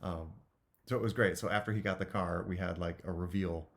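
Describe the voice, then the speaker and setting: Excited man telling a family story. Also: low voice, fairly quick, gravelly. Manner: excited, animated retelling with fillers. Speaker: vlogger. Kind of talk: casual storytelling to camera.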